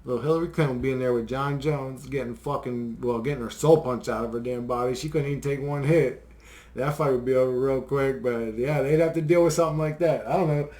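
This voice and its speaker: A man's voice: mid-range voice, fairly even intonation, a little fast, a little mellow. A man vlogging a rambling, profane conspiracy rant to his viewers, swearing constantly and chuckling between points.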